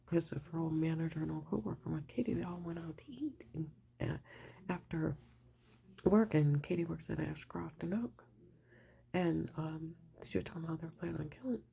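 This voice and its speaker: Gravelly whispering older woman. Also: lowish voice, dark tone. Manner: whispering, rambling and agitated. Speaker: vlogger telling her story. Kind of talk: whispered personal account.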